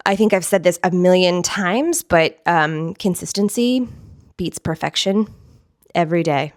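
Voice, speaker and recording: This young adult fitness instructor speaks a little slowly in a voice on the low side, delivering a casual, upbeat motivational talk to camera. Giggles and repeated phrases punctuate her speech for emphasis. The audio is studio quality with no room sound.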